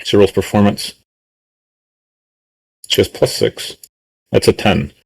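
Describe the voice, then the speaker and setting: A man's voice: lowish voice, takes it slowly, creaky, husky, poor audio. Laughing male game master. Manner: laughs often, many ums and uhs, puts on characters' voices. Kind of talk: narrating a tabletop game.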